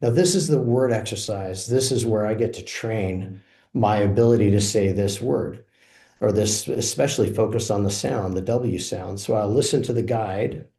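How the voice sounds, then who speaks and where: A man walking through a software demo, explaining each feature in a relaxed, explanatory way. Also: lowish voice, normal speed, vocal fry. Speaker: software presenter. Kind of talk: product demo walkthrough. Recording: roomy echo.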